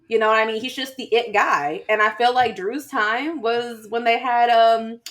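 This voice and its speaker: Woman cohost chatting casually, kinda high voice, lots of likes and laughs. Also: steady tone, normal speed, a bit bright. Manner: laughs often, talks with many "like" fillers. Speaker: podcast co-host. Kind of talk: casual chat.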